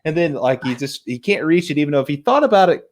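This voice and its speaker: A man co-hosting a casual movie review, excitable, swearing casually and restarting his sentences often. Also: a little high, fast. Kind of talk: casual chat.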